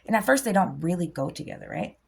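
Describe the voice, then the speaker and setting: A woman vlogger with a rough, gravelly low voice delivers a blunt, impassioned spiritual rant. She jumps from loud exclamations to hushed whispers. Steady noise sits behind her voice. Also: quick pace. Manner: blunt, animated, swings from loud bursts to whispers.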